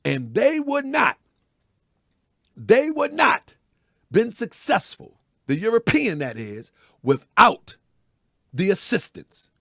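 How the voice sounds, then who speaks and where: A man's voice: high-pitched, huge pitch swings, takes it slowly, creaky, pauses often, pushed and bright, dry recording, studio quality. A man hosting a live online commentary show, preaching in a repetitive way, calling his viewers family and often asking if they follow him. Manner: preachy, repeats phrases, asks "you know what I mean?". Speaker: host.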